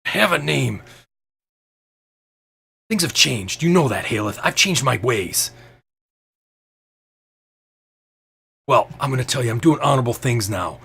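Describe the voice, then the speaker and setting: A man voicing a gruff, defensive ranger. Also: medium pitch, animated, moderate pace, pauses often, fairly bright tone, heavily acted. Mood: insistent. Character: blunt reformed male ranger, defensive and wary.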